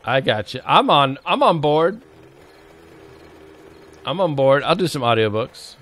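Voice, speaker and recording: Playful man streaming a game, unhurried. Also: a little high, sing-song, fairly bright tone. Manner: playful, jokey, talks to chat and to the zombies. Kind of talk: casual live gameplay commentary.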